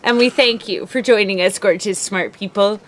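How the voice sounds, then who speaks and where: A woman's voice: medium pitch, moderate pace. A woman co-hosting a casual chat show, laughing often and swearing as she talks. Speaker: podcast co-host.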